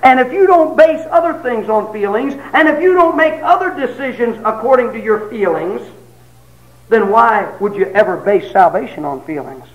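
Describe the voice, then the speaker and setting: A man preaching a sermon, telling folksy stories, acting out quotes and rising to shouts. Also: very high-pitched, expressive, normal speed, lo-fi sound.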